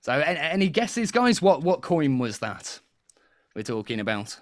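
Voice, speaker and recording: Dry, chatty English quiz host. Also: male voice, on the high side, sing-song, a little slow, no room sound. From England. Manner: chatty and laughing, with frequent restarts. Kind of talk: casual quiz hosting.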